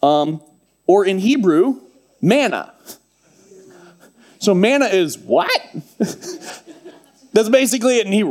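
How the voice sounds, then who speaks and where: A man preaching a sermon, reading scripture and retelling it in a lively, casual storytelling way with humorous asides. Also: high-pitched, measured pace, long pauses. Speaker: pastor.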